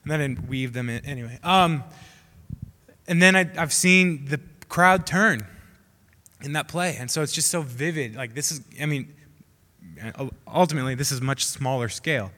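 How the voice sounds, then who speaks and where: A young man preaching a casual, passionate sermon, dropping to a hush and rising to shouted prayers. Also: fairly high pitch, normal speed. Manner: swings from hushed to shouting prayers; acts out quoted voices, casual slang. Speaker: youth preacher. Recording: long hall reverb.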